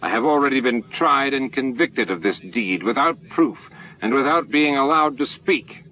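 A man voicing a proud, bitter young male revolutionary in a fan audiobook, denying the charges loudly and strongly. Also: mid-range voice, lively intonation, normal speed, highs cut off, slight background noise, pitched above the performer's own voice, natural voice. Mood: defiant. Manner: loud, forceful denials.

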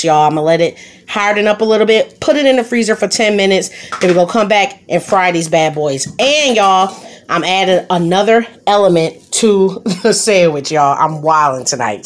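A woman hosting a casual cooking vlog, chatting playfully to viewers in sing-song rhymes, excitable and unscripted. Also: on the low side. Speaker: home cook and channel host.

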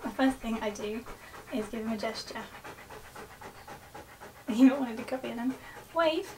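A woman's voice: fairly high pitch, fairly even intonation, unhurried. A woman in a casual how-to vlog, chatting to the viewer while giving her dog short commands and cheerful praise. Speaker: dog trainer. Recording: distant mic with clear background noise.

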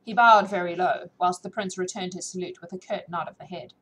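Lowish-voiced woman reading a classic novel. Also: breathy edge, rough recording. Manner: measured, expressive reading. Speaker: audiobook narrator. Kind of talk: scripted narration.

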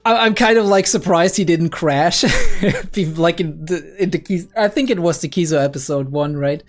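Young woman, deep register, rambly reaction host who swears often, soft music underneath. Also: normal speed. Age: young adult. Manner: excitable, rambling, swears freely. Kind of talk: casual reaction commentary.

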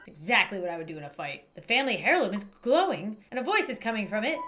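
A young adult woman giving gaming commentary as a YouTuber, with an excitable, giggly, dramatic manner. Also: medium pitch, fast talker, hardly any pauses, soft background music.

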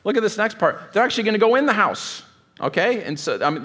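A man's voice: fairly high pitch, big pitch swings, brisk, a bit bright. A man preaching a sermon as pastor, in a conversational, digressive way, often stopping to rethink a sentence. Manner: conversational, digressive, thinks aloud mid-sentence.

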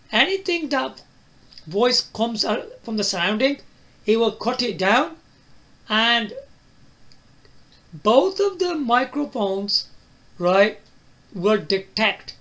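A man's voice: very high voice, fairly bright tone. A man reviewing a phone to camera, asking the viewer questions and tagging his lines with "right?" and "yeah?". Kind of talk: product demo to camera.

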